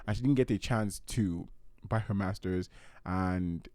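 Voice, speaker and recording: A man hosting a solo podcast, talking through pop culture in an animated way and acting out quotes in playful voices. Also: deep voice, measured pace, no echo. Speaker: podcast host.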